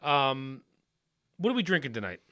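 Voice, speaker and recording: A man's voice: mid-range voice, big pitch swings, normal speed, pushed and bright, no echo, clean studio sound. A man co-hosting a casual podcast, joking around playfully and animatedly. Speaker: podcast co-host.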